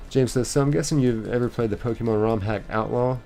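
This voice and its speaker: A man's voice: mid-range voice, quick pace, gravelly, hardly any pauses, dark tone, faint music behind. A young man hosting a live stream, casually reading viewer comments aloud and rambling with lots of fillers. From United States.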